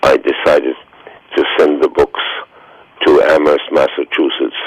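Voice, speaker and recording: A man in his nineties, a radio interview guest, telling stories slowly and haltingly with many fillers, heard over a phone line. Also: rumbling low, level tone, slightly rough, no room sound. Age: 90s.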